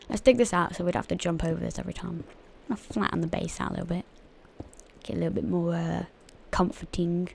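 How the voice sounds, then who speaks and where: A woman's voice: on the low side, fairly even intonation, fairly quick, creaky, darkish tone, a little hiss or hum. A woman hosting a gaming channel, giving casual, chatty gameplay commentary to her viewers and often giggling.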